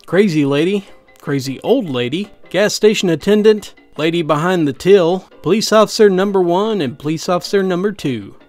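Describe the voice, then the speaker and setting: A man with a fairly high voice narrates customer anecdotes in a wry, easygoing read. Soft music plays under him. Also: animated, normal speed. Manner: wry, conversational reading. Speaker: host reading online stories. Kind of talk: scripted narration. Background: faint background music.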